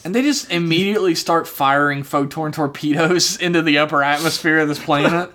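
A man's voice: fairly high pitch, fairly even intonation, brisk, fairly bright tone. A man co-hosting a podcast, casually recapping a TV episode with a profane, joking manner. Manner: profane, jokey, acts out characters in quotes. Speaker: podcast co-host.

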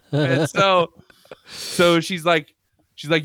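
Animated man telling a rambling story. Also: mid-range voice, normal speed, dry recording, studio quality. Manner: animated, rambling, laughs while telling stories. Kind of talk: casual chat, storytelling. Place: home room with pinball machines.

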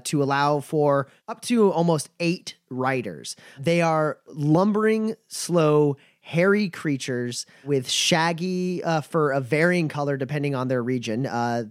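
Game master, man, halting delivery with many fillers, dry close sound. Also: a little high, no echo. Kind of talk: narrating a tabletop game.

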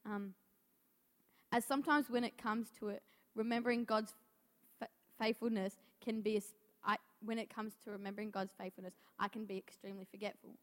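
A woman's voice: medium pitch, fairly even intonation, fairly quick. A nervous young woman giving a church message, reading and stumbling over words. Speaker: youth speaker. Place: church hall. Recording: long hall reverb.

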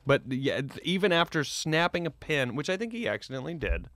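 A man's voice: on the high side, very animated, fairly quick, fairly bright tone, no room sound. A young man co-hosting a podcast in casual chat, sarcastic and swearing freely. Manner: sarcastic, swears freely, puts on silly voices. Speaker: podcast co-host.

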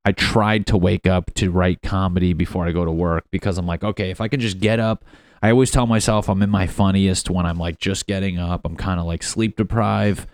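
Deep-voiced young man, rambling and profane. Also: fairly even intonation, fairly quick, few pauses, no echo. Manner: rambling, profane, self-mocking. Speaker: podcast host. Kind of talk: casual solo podcast monologue.

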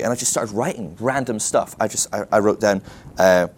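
A man's voice: on the low side, fast talker. A man speaking at a ministry school, telling a self-deprecating story in a casual sermon, full of "like" and restarts.

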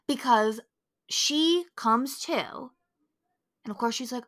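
A woman's voice: a little high, takes it slowly, a bit bright. A young woman co-hosting a podcast, ranting in heated, profane bursts and acting out quoted lines. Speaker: podcast co-host. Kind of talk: casual podcast chat.

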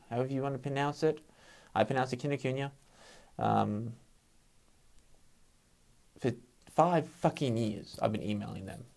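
Man hosting a solo talk episode, mid-pitched, blunt, swears freely, frustrated and fired up. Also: vocal fry, darkish tone. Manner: heavy swearing, frank; worked-up, venting frustration. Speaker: podcast host. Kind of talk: casual solo monologue.

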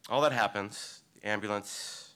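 A man with a lowish, bright, forceful voice tells a true story of his own live before an audience. He talks in a vivid, halting way, rising into eager bursts and then dropping to hushed, careful phrases. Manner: vivid, halting retelling that swings between excited and hushed. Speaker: storyteller, local surfer. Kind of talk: personal story told live on stage.

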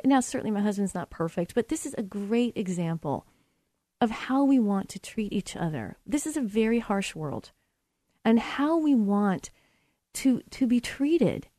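A woman's voice: mid-range voice, warm tone, no room sound. A middle-aged woman hosting a talk show, telling a personal story and giving earnest relationship advice. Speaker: radio show host.

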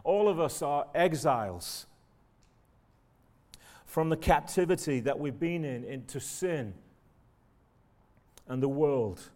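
A man preaching a sermon in a church with a fairly high voice. He keeps a conversational tone and often turns to the listeners with rhetorical tag questions. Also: lively intonation, slow pace, pauses often, a little mellow.

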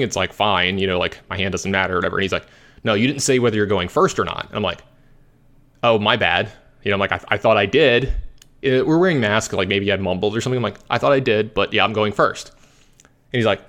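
A man casually telling a long story as a podcast host, animated and rambling, with lots of fillers. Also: on the low side. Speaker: competitive card game player.

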